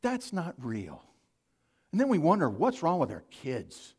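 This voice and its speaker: A male pastor preaching a sermon, with big swings from loud emphasis to hushed asides. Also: a little high, wildly swooping pitch, a little slow, breathy edge.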